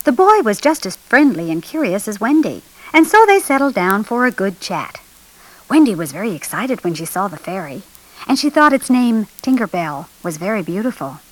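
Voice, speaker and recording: A woman reading a children's storybook aloud in an expressive, animated way, lifting her voice for the children's lines. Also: mid-range voice, normal speed, no room sound, rough recording. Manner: lively expressive read-aloud, raising her voice for children's dialogue. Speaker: storybook narrator.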